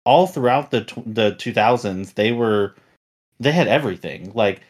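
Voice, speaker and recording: A man's voice: fairly low pitch, lively intonation, moderate pace. A man hosting a podcast, chatting casually and rambling with many fillers and restarts. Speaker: podcast host.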